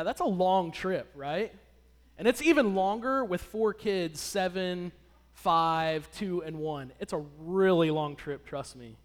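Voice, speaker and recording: A man in his thirties telling a personal story to an audience, chatty and asking them questions. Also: on the high side. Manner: conversational, asks the audience questions. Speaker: speaker addressing an audience. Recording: long hall reverb.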